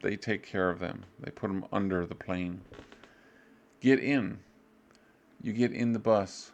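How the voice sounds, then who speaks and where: A man's voice: steady tone, a little slow, creaky, pauses often. A man teaching English, going over a review unit in a loose, offhand way and acting out short student replies. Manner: loose and offhand, fills gaps with "blah, blah"; acts out short student replies with jumps in pitch. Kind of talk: casual review lesson.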